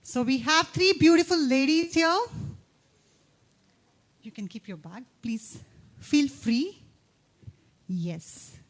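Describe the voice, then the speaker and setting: A woman emceeing a campus event, upbeat and coaxing, rattling off tongue twisters quickly. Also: high voice, expressive. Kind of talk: lively stage hosting.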